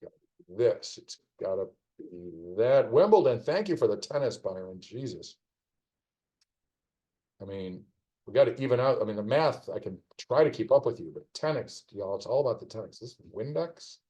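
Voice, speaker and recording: A man's voice: fairly low pitch, expressive, normal speed, mellow, poor audio. A man casually commenting on a live stream as he solves a crossword, rambling through clues with wry asides. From United States.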